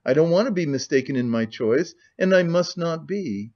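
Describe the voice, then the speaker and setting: An earnest, proud young woman, as a male reader puts her on speaks firmly and with feeling. The voice is a bit high. The sound is dull and lo-fi. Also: lively intonation, normal speed.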